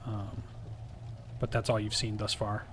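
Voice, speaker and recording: Even-toned male dungeon master. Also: lowish voice, a little slow, a little hiss or hum. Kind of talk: narrating a tabletop game.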